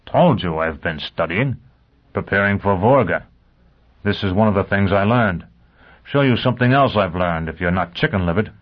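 A man's voice: low voice, expressive, moderate pace. A man voicing a hard, terse male spaceman who gives clipped orders in an audiobook, on a dull lo-fi recording. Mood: matter-of-fact. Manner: grunting, clipped commands. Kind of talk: audiobook character voice.

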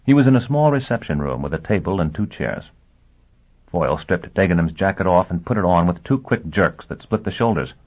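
A male narrator reads the story in a low, husky voice with a steady, measured delivery. The recording is thin and tinny, much like a phone line. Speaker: audiobook narrator. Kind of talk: scripted narration.

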